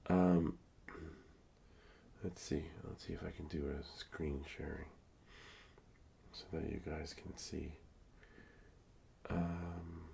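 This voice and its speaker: Hoarse gravelly deep-voiced man rambling. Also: level tone, slow, pauses often, warm tone, slight background noise. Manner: rambling, thinking aloud with many fillers. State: hoarse, losing his voice. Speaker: live streamer. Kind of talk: casual live-stream chat.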